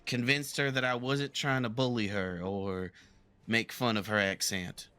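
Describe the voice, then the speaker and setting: A man playing a talkative southern gentleman from the bayou, with a Southern twang, rambling earnestly through a live game roleplay. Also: medium pitch, level tone, unhurried, clear, resonant tone. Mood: reminiscing.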